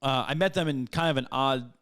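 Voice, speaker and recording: A man's voice: medium pitch, a little fast, clean tone. A young man co-hosting a casual podcast, talking loosely with lots of swearing and laughter. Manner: lively, laughs a lot, swears, loud cheering. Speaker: podcast co-host. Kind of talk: casual chat.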